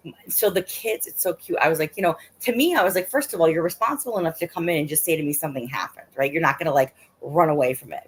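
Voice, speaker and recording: A woman's voice: low voice, slight background noise. A middle-aged woman casually telling a rambling story on a livestream, full of fillers and laughs. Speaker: livestream host.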